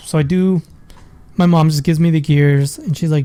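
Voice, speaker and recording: A man's voice: fairly high pitch, fairly even intonation, unhurried, pauses often, dark tone, no room sound. A man, a father, casually telling a personal story in a rambling, profane way. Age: adult with a school-age daughter. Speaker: vlogger.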